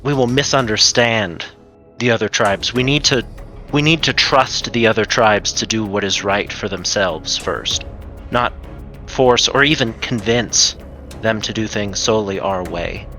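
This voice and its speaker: A man's voice: lowish voice, measured pace, pushed and bright, faint music behind. Earnest, reflective male tabletop player. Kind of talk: in-character tabletop role-play.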